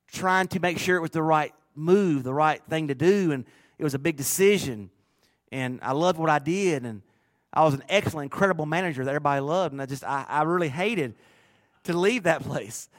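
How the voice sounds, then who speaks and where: A middle-aged man preaching a sermon in a church, rising to loud bursts and dropping to soft, low asides. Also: no echo, clean studio sound. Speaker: pastor.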